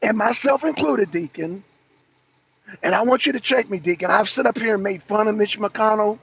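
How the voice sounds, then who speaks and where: A man on a political talk show ranting loudly, swearing and repeating himself, sometimes breaking into laughter. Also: high-pitched, normal speed, gravelly, breathy edge, dry recording. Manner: loud, profane, repetitive ranting. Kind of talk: heated political rant. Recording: dull lo-fi stream audio.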